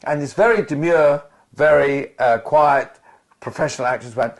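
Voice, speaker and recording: A man's voice: fairly high pitch, moderate pace, creaky. A man co-hosting a podcast, telling a long anecdote in a rambling way, full of restarts and asides. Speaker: podcast co-host.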